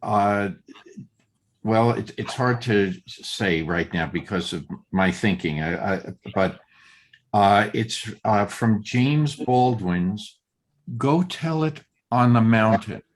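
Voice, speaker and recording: Leading a Torah study discussion, a man with a lowish voice reads passages aloud. He halts and gropes for words, deciding where the emphasis should fall.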